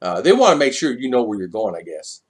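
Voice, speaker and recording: Animated man chatting on a live stream. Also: mid-range voice, quick pace, slightly rough. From United States. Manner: animated, chuckles often, greets viewers by name. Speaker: vlogger hosting a live stream. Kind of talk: casual live-stream chat with viewers.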